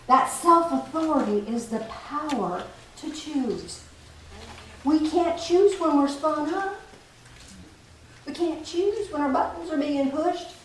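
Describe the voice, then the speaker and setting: A woman giving a playful, animated spiritual talk to a group, often laughing as she teaches. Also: high voice, slow. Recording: echoey room from far off, faint noise.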